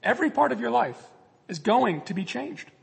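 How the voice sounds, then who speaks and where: A man's voice: very high voice, big pitch swings, normal speed, gravelly, breathy edge, long reverb tail. A man preaching a sermon as a pastor, earnest, acting out prayers and God's replies in the quotes.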